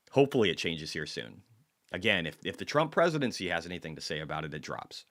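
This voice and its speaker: A man's voice: low-pitched, big pitch swings, quick pace, a bit bright. Man, market commentary host, casual vlog, blunt, swears a lot, off-the-cuff. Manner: blunt and profane, apologizes for tangents.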